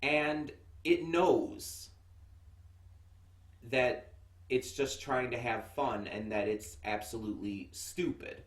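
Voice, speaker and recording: A man's voice: medium pitch, slow. An American man giving a casual anime review, chatty and rambling with lots of fillers and restarts. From United States. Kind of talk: casual first-impressions review. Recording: echoey room, mic set far off.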